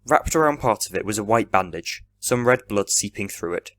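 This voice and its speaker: A young man reading a fan-written story aloud in steady storybook narration. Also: lowish voice, normal speed, no room sound.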